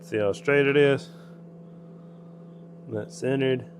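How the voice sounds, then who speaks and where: Man, southern accent, casual workshop chatter, mid-pitched voice, faint hum behind. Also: steady tone, slow. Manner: chatty, talks himself through each step. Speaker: workshop maker. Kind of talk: casual narration while working.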